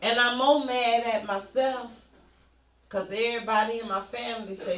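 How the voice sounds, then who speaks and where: A woman's voice: fairly high pitch, fairly even intonation, moderate pace, fairly bright tone, reverberant, distant mic. A woman performing a stand-up comedy set, telling brash, bawdy stories with punchy repetition. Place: comedy club stage.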